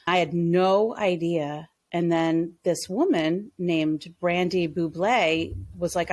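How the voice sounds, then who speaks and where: A woman's voice: on the low side, slow pace, hardly any pauses. A woman in her thirties, a small business owner, telling stories in a casual interview and acting out the dialogue in them with a lot of "like". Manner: animated, acts out dialogue in her stories with lots of "like".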